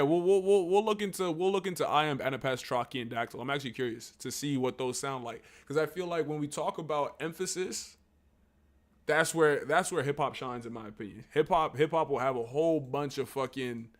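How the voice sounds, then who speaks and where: Slangy man reading and riffing live. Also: medium pitch. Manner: slangy and profane, with frequent asides and restarts; reads text aloud haltingly, then riffs on it. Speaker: livestreamer. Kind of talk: casual livestream, reading aloud and commenting.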